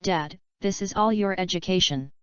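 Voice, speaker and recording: A scheming middle-aged father from a wealthy family, pushy and eager as he lays out his plans, read by a woman narrator. The tone sits low, smooth and very clear. The audio is dry and a little dull and lo-fi. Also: normal speed, fairly bright tone, dry recording, close to an everyday voice.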